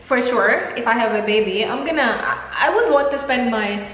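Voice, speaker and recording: A woman's voice: a little high, expressive, moderate pace, a bit bright, heavy reverb, in a large hall. A woman from the Philippines, a vlogger, chatting casually with her partner and laughing often. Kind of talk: casual couple Q&A.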